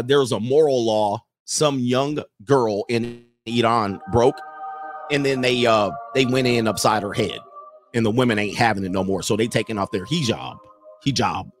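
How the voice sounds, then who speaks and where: A man hosting a livestream in casual chat, rambling and laughing often as he reads out viewer messages. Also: mid-range voice.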